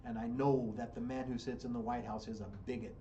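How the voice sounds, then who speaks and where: A man's voice: medium pitch, flat delivery, fairly quick, dark tone, highs cut off, a little hiss or hum. An American man hosting a radio show, giving fiery political commentary and repeating phrases for emphasis. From United States. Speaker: radio host.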